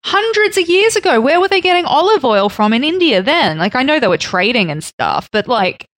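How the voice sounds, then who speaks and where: Lively-pitched woman podcast co-host, dry sound. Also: brisk, no echo. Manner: lively, laughing, incredulous. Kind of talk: casual travel storytelling.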